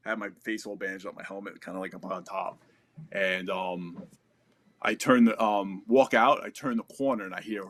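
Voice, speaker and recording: A man's voice: on the low side, brisk. A man in his thirties, a podcast guest, telling a story in a loose, casual way, full of "like" and "you know" and the odd swear word.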